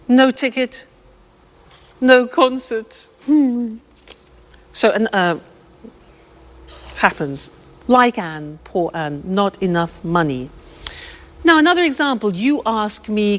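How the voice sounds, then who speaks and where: A woman teaching English vocabulary slowly and clearly, explaining step by step with examples. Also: mid-range voice, expressive, in a large hall. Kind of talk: slow, clear language lesson.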